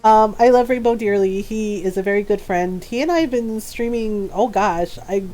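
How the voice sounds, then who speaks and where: A woman streamer chatting casually on a live stream, animated and laughing often as she tells stories. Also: medium pitch, moderate pace. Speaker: game streamer.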